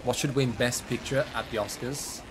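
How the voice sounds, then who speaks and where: Guy streaming a game, easygoing, kinda self-deprecating, middle pitch, slight hum behind. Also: fairly even intonation, moderate pace. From West Midlands, England. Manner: casual and self-deprecating, reading chat between bursts of game reactions. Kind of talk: live gameplay stream, chatting with viewers.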